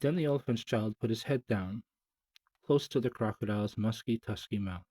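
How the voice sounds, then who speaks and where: Reading a children's story aloud, a man sounds measured and gently dramatic, dropping softer for the asides. His husky, mellow voice sits fairly low in pitch. The recording is dry, close, and low in quality.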